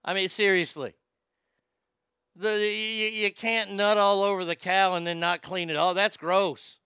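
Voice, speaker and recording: A man's voice: high voice, steady tone, unhurried, sharp tone, smooth, dry recording, clean studio sound. A man hosting a comedy podcast, rambling and joking crudely, often stammering and repeating words. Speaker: podcast host.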